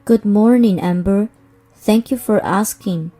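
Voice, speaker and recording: A woman's voice: medium pitch, measured pace, soft background music, close to an everyday voice. A woman reading as a kind, polite brother-in-law. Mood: gentle. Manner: polite, gentle.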